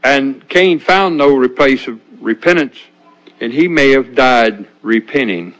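An older man preaching an informal sermon in a folksy, halting way, often restarting his sentences. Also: mid-range voice, fairly bright tone, low-quality recording.

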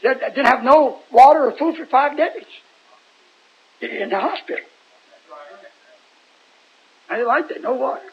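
Very high-voiced folksy preacher man. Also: unhurried, pauses often, breathy edge. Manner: folksy, rambling, asks the congregation questions. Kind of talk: informal Bible sermon. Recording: dull lo-fi recording.

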